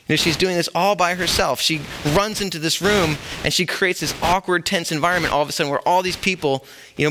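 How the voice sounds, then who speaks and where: A man's voice: a little high, fairly quick, noisy background. A middle-aged man preaching a sermon in a conversational, joking way, talking straight to the congregation. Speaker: pastor.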